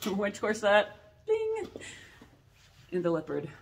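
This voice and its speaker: A young woman hosts a casual video showing off corsets, talking in a loose, rambling way. Her voice sits in an ordinary middle range. She keeps it animated and chatty throughout. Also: mid-range voice, takes it slowly, creaky, slightly rough. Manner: rambling, animated, laughs and coughs often. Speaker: corset shop host. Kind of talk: casual chatty product vlog.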